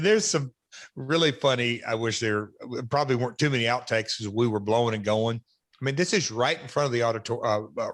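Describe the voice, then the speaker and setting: A man's voice: medium pitch, a bit bright. Rambling middle-aged man reminiscing. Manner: rambling, reflective, many fillers. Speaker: guest, former wrestler and promoter. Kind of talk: casual interview chat.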